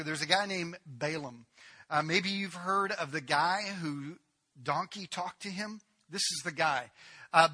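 A man preaching a sermon in a high, very bright voice. He tells the story in an animated way and slips into the quoted lines as he goes, rising and falling in loudness. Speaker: pastor.

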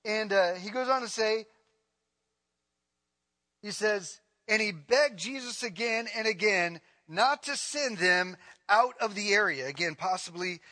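Impassioned high-voiced male preacher in a hall. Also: unhurried. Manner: impassioned, swings from loud to low. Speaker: pastor. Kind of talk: sermon.

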